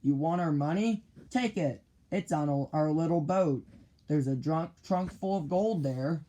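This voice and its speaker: A man voicing a kind, gentle adult male doctor who speaks calmly and politely, in a children's storybook reading. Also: a little high, unhurried, slight background noise, close to an everyday voice. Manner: calm, polite.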